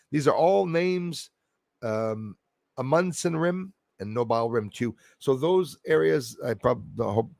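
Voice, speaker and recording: A man reads space headlines aloud and drifts into rambling, skeptical asides, often breaking off and restarting mid-thought. His voice sits at an ordinary middle pitch and is recorded close and dry, with no room sound. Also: creaky, no room sound. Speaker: news vlogger. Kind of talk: casual commentary reading news aloud.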